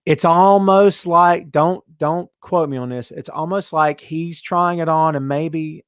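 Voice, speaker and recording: A man hosting a casual wrestling talk show, animated and chatty, reading out listener comments. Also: fairly high pitch, normal speed, few pauses, no room sound, studio quality. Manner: animated, reads out chat comments. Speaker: podcast host.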